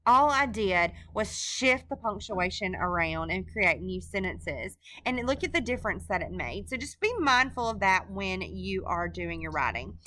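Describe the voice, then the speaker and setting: Bright-voiced woman teaching a screencast. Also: medium pitch, big pitch swings, normal speed, hardly any pauses. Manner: casual, informal explaining with frequent fillers and restarts. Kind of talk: recorded screencast lesson.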